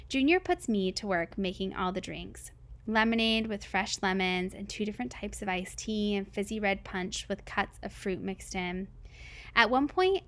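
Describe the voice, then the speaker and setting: A woman reads a novel aloud in first person, keeping her voice steady and plain. Her pitch sits in the middle range and she stays even, with the occasional small stumble. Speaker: reader.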